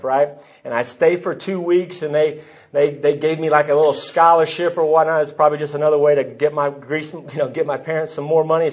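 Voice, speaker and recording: A man's voice: fairly high pitch, muffled recording. A middle-aged man giving a rambling, self-deprecating personal testimony from the podium at a recovery meeting. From Texas.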